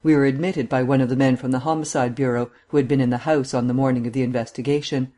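A man reading a mystery novel aloud as narrator, with a steady, measured delivery. His voice sits at an ordinary middle pitch for a man. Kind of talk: audiobook narration.

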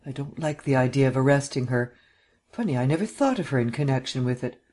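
A man's voice: mid-range voice, lively intonation, fast, a little mellow, natural voice. A man reading as a stern, indignant prosecutor. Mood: puzzled. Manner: cold, clipped and indignant. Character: stern, indignant male district attorney.

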